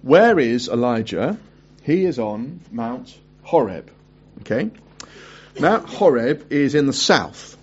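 A man preaching a sermon who asks his listeners questions and reads scripture aloud in a hushed voice. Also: medium pitch, big pitch swings, slow, husky. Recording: dull lo-fi recording.

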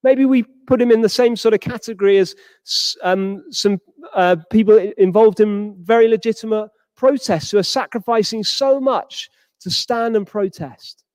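A man's voice: normal speed, darkish tone, no room sound, in a large hall. A man preaching a sermon, retelling a parable and acting out the quoted characters. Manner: acts out quoted characters with rising pitch.

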